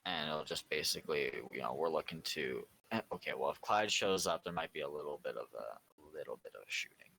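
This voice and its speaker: Gravelly low-voiced man. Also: lively intonation, pushed and bright, rough recording. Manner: rambling, halting with many fillers. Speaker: server owner running a community meeting. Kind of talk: casual community meeting talk.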